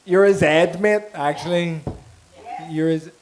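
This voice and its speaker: High-voiced comedy host teasing the crowd. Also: male voice, a little slow. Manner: teasing, swearing, laughing between lines. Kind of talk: crowd work at a comedy night. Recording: noisy live room mic.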